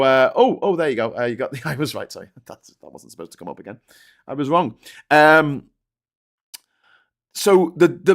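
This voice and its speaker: Ranting man hosting a morning show. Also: mid-range voice. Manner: ranting, exasperated. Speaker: livestream news show host. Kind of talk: casual news commentary reading viewer chats.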